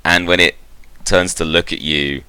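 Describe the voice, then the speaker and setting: A man's voice: deep voice, fairly even intonation, normal speed, sharp tone, clean tone, dry recording. A man narrating a tabletop game as game master in a casual, rambling way with fillers.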